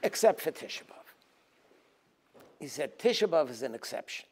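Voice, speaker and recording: Rabbi, teaching talk; somewhat high voice, acts out the dialogue, swings from loud to hushed. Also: male voice, a little slow, long pauses, husky. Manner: storytelling, acting out dialogue in a lively voice; rising to forceful emphasis, then dropping low. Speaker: rabbi and lecturer. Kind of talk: Tisha B'Av teaching talk.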